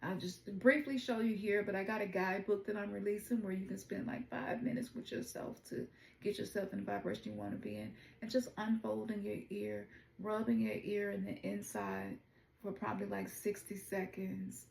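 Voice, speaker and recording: A woman's voice: medium pitch, steady tone, moderate pace, vocal fry, darkish tone, echoey room, a little hiss or hum. A woman from Memphis with a Southern accent, giving a casual, chatty spiritual oracle card reading and talking straight to her viewers. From Memphis, Tennessee. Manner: chatty, informal, addresses viewers as y'all.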